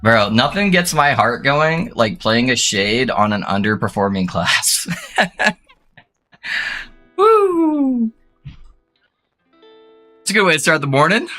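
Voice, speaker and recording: A young adult man streaming a game, chatting casually with viewers and breaking into excited whoops and laughs. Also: medium pitch, normal speed, few pauses, soft background music. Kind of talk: casual gaming stream chat.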